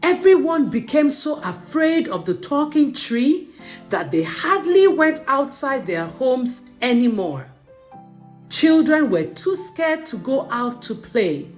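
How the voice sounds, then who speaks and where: Woman reading a bedtime story slow, high and sing-song, faint music behind.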